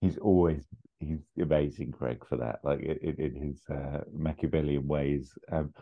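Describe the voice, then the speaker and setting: A man co-hosting a podcast, chatting casually and retelling scenes in a rambling, animated way. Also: extremely low pitch, a little slow, creaky, phone-quality sound. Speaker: podcast co-host. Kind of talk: casual chat.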